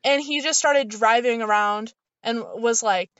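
A young woman tells a story in relaxed podcast chat, her fairly high voice often breaking into laughter as she rambles along. The sound is a little dull and lo-fi. There is no room echo. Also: measured pace, clean tone. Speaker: podcast co-host. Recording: slightly dull lo-fi audio, dry.

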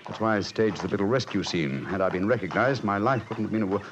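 An actor playing a confident detective who speaks briskly and crisply in an old radio play. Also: male voice, fairly low pitch, lightly acted. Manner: brisk, crisp, self-assured. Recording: dull old radio recording with faint hiss.

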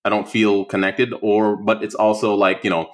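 Young man, low voice, casual conversation, halting and rambling. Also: level tone. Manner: rambling, many fillers and restarts. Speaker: guest.

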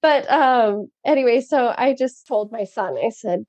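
A woman's voice: on the high side, a little slow, hardly any pauses, darkish tone, no room sound, dull audio. A middle-aged woman talking casually on a call, earnest and reflective, laughing now and then as she tells her story. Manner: earnest, reflective, laughs often, acts out quotes. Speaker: program participant sharing her story.

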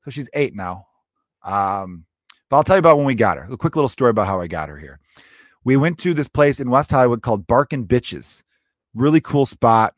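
A man's voice: mid-range voice, big pitch swings, fairly quick, no echo, studio quality. A man in his thirties hosting a comedy podcast, telling a loose, profane, jokey story.

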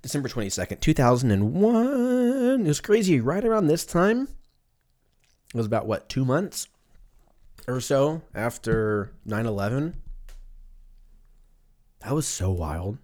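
A man rambles through a solo podcast monologue. He swears freely and jokes at his own expense. His pitch jumps all over the place as he talks. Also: a little mellow. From US West Coast. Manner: rambling, profane, jokey, laughs at himself. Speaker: podcast host.

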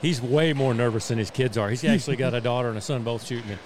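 A male podcast co-host making quick, chatty asides in casual conversation. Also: medium pitch, a little mellow, a little hiss or hum.

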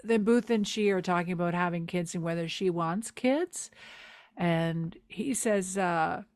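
A woman's voice: on the low side, no echo, studio quality. A woman co-hosting a podcast, chatting casually and with animation as she recaps a TV episode. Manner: chatty and animated, quick reactions. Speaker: podcast co-host.

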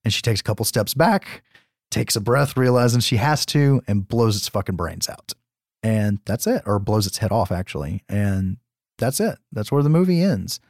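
A man co-hosting a podcast, recapping a horror film in a casual, profane, animated way. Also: fairly low pitch, moderate pace, no echo, clean studio sound. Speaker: podcast co-host. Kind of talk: casual chat.

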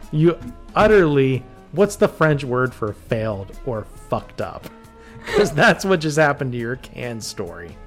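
A male podcast co-host from Pennsylvania, ribbing his friend in loose, profane banter and laughing between lines. His voice sits at a middle pitch. Faint music plays under the talk. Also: big pitch swings, takes it slowly, long pauses. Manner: teasing, swears a lot, laughs often. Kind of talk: casual banter.

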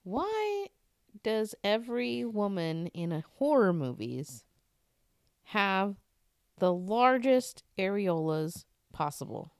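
A woman's voice: mid-range voice, big pitch swings, slow, smooth, no echo. A woman co-hosting a casual podcast, blunt and profane with a dry humor. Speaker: podcast co-host.

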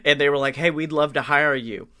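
Bright high-voiced man, laughing wrestling chat. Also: fairly even intonation, brisk. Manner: profane, laughs often while telling stories. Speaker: podcast co-host.

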